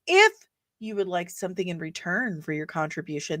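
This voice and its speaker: A woman hosting a casual live stream, chatting playfully with sudden bursts of loud energy. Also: lowish voice, sing-song, fairly quick, no echo, clean studio sound.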